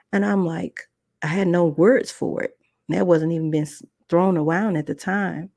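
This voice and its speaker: A woman's voice: lowish voice, moderate pace, creaky, darkish tone, no echo. A woman podcast host telling a personal testimony in an earnest, conversational way. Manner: earnest, conversational, retelling with quoted dialogue.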